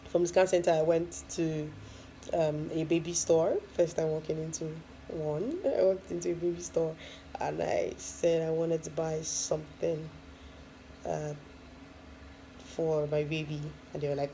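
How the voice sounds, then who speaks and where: A woman's voice: sits low, fairly even intonation, normal speed, long pauses, mellow, slight background noise, low-quality recording. A woman, a first-time mom, casually telling her own story with lots of fillers and frequent laughs. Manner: chatty, many fillers, laughs often.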